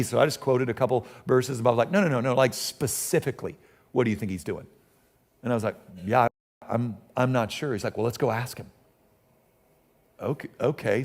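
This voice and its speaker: Guy preaching, middle-aged, bit of gravel in his voice, chatty storytelling with lots of restarts. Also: mid-range voice. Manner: conversational, animated storytelling with repeated restarts. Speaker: pastor. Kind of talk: sermon storytelling.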